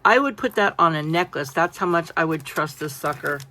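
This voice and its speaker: A woman chatting casually through a craft-supply haul, animated and full of asides. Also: low-pitched, a little fast, a little hiss or hum. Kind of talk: casual show-and-tell haul.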